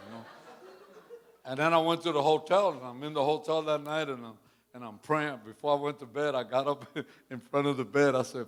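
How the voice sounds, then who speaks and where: A man's voice: a little high, a little fast. A man preaching a sermon through a long personal story, in a casual street-style way, often tacking on "man" and chuckling between lines.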